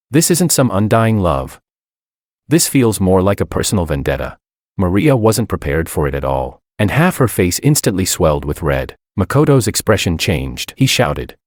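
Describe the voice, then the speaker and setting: A man's voice: sits low, darkish tone, no room sound, studio quality. A man reading a first-person story aloud, with wry, exasperated asides. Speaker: narrator.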